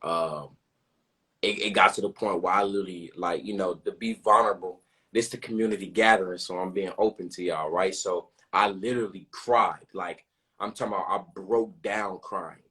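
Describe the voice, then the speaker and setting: A man's voice: low voice, fairly even intonation, normal speed, pushed and bright. A young man telling a personal story in an open, earnest way, often repeating himself and asking "you know what I'm saying". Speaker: podcast host.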